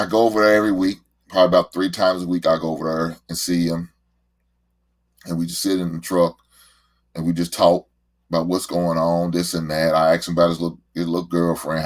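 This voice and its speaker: A man's voice: deep voice, level tone, normal speed, pauses often. A middle-aged man, a show host and father, talking in a casual, heartfelt monologue and often repeating words as he rambles.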